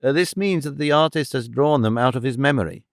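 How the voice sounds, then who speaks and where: A man doing a crisp, decisive detective. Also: medium pitch, brisk, no echo, clean studio sound, lightly acted.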